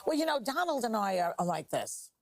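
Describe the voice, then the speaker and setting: A woman's voice: mid-range voice, big pitch swings, fairly quick, heavy background noise. A woman being interviewed as a talk show guest, chatting in a jokey way and stammering as she starts sentences. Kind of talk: interview chat.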